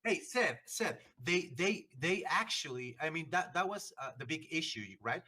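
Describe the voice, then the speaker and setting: Stammering man, bright and lively. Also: on the high side. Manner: halting, stammers and restarts. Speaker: debater in an online argument. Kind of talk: heated casual argument.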